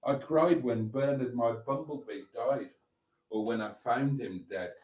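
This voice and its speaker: Chatty man with a mellow voice. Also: medium pitch, a little slow. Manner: chatty, cheeky, rambling. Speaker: live-stream host reading viewer comments. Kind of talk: casual live-stream chat. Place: home, indoors. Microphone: phone.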